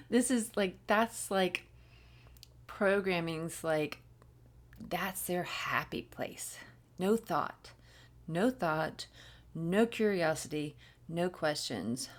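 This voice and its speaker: A woman giving a channeled spiritual reading, playful and giggly, often dropping into soft whispers. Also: lowish voice, lively intonation, very slow, pauses often. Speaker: spiritual reader.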